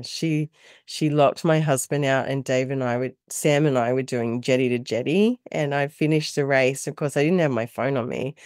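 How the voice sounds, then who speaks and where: A middle-aged Australian woman, a mother and carer, telling animated stories in a casual interview and laughing often. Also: a bass voice, dry recording, studio quality.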